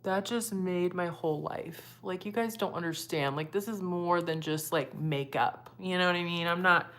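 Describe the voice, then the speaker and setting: A woman's voice: lowish voice, moderate pace, a bit bright. A young woman vlogger chatting casually with viewers while doing her makeup, answering their comments as she goes. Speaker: beauty vlogger.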